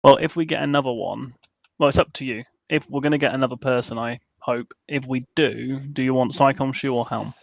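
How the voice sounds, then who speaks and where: A man with a gravelly, fry-tinged voice hands out crew posts in an easygoing, halting way, often stopping on uh. His voice comes through a dull, lo-fi voice-chat mic. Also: medium pitch, fairly even intonation, no room sound. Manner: easygoing, hesitant with frequent uh. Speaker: ship commander in online roleplay. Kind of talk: casual voice-chat roleplay.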